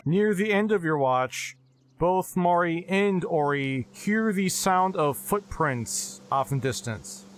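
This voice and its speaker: A man narrating as game master of a tabletop game, with even descriptions and dry asides. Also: high-pitched, takes it slowly, soft background music.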